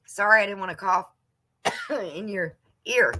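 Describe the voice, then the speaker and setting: Medium-pitched and a little slow, her voice is bright with a forceful tone. She's a woman in her fifties running a casual-chat livestream, reading out viewer comments and replying, with an occasional cough.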